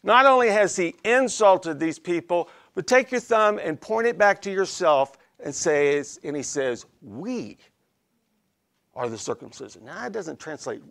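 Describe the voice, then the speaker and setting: A man's voice: high voice, animated, moderate pace, vocal fry, few pauses, a bit bright. A man preaching an expository sermon in a folksy, conversational way, often checking in with his listeners. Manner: folksy, conversational, frequent "okay?" check-ins.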